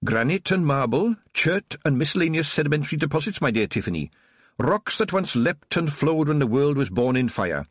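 A man's voice: a little high, very animated, normal speed, breathy edge, no room sound, clean studio sound, voice pushed up. Man putting on a sugary old witch woman. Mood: rapturous. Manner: gleeful, honeyed, menacing. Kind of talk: audiobook character voice.

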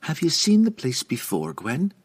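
A man's voice: a little high, wildly swooping pitch, normal speed, breathy edge, voice pushed up, full character voice. A man voicing a plucky dwarf-raised young woman. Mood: earnest, gentle. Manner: folksy old-fashioned dialect with "aye" and "me".

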